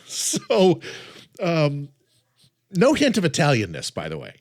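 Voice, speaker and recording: Animated, high-pitched male podcast host. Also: slow pace. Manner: animated storytelling with stammered restarts. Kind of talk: casual chat.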